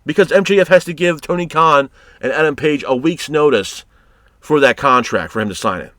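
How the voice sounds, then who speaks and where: A man's voice: fairly high pitch, fairly quick, a bit bright, dry recording, clean studio sound. A man reviewing a wrestling show in a heated, profane rant, exasperated and blunt. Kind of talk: ranting commentary.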